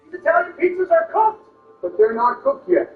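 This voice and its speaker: A man's voice: very high voice, lively intonation, normal speed. A man doing comedic game commentary, trading crude insults in bickering impressions. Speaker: gameplay commentator. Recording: roomy, distant, muffled, with music.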